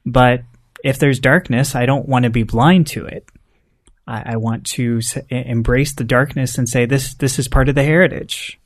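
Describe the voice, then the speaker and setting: Man, mid-pitch voice, earnest, halting, podcast co-host. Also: fairly even intonation. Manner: earnest, halting, repeats words. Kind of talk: casual podcast conversation.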